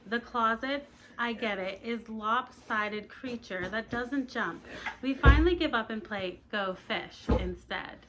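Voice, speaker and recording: A woman's voice: fairly high pitch, measured pace, background noise. A woman, a teacher, reading a novel aloud and breaking off for chatty asides to her listeners.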